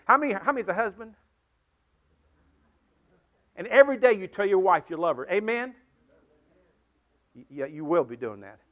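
In a church sanctuary with a congregation, a male pastor delivers a Sunday sermon in a high, fairly bright voice. He speaks earnestly, circling back to repeat points and rising to emphatic peaks before easing down.

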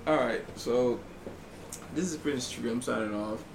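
A man's voice: medium pitch, unhurried, creaky. A man co-hosting a casual podcast, slangy and loose, steering the conversation. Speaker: podcast co-host. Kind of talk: casual chat. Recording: echoey room with ambient noise.

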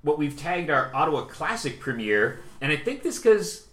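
A man's voice: fairly high pitch, big pitch swings, moderate pace, a bit bright. Chatty man in his forties, echoey room. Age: 40s. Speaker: podcast host, cinema programmer. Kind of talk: casual chat.

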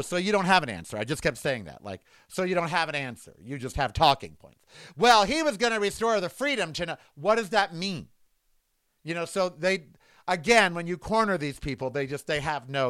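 Casting: man, slightly high voice, smooth, animated storyteller. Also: dry recording. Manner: animated anecdotal, acts out dialogue. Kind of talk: casual storytelling monologue.

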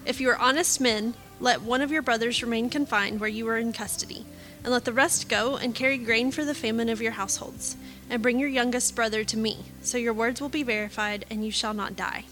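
A woman reading the lines of a stern, powerful male governor who tests strangers, in a measured, firm way. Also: on the high side, steady tone, fairly bright tone, soft background music, lightly acted.

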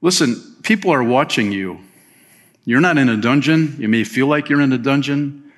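A man preaching a sermon as pastor, telling a story in a relaxed, conversational way with chatty asides. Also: mid-range voice, normal speed. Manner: slips into playful voices for quoted people.

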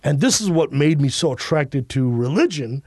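Animated, emphatic male comedian. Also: on the high side, normal speed, no room sound. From Chicago. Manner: animated, emphatic, profane storytelling. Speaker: guest comedian. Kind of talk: podcast conversation.

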